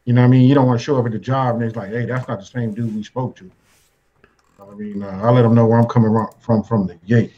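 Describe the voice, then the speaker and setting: A man's voice: medium pitch, fairly even intonation, fast. A man co-hosting a live online talk show, joking and calling out to viewers. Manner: joking, shout-outs to viewers. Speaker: co-host. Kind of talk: casual live-stream chat. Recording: dull lo-fi line.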